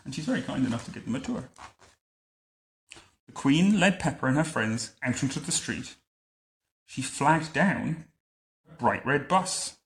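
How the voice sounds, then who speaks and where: A man reading a picture book aloud to a child at home, adding wry, deadpan comments between the lines. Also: medium pitch, a little slow, creaky, long pauses. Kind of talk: bedtime story reading with joking asides. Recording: roomy echo.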